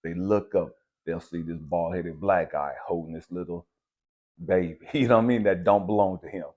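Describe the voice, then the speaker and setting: A man's voice: sits low, normal speed, narrow, tinny audio. A man telling a personal story in a casual, conversational way, mixing slang with spiritual reflection. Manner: relaxed, conversational, uses slang like bet and dap. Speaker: channel host.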